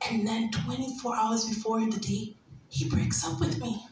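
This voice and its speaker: A woman's voice: on the high side, normal speed, far from the mic, soft background music. Brash woman doing stand-up in an echoey room. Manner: brash, animated, breaks into laughter. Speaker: stand-up comedian. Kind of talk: stand-up comedy storytelling. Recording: echoey room, heard from afar.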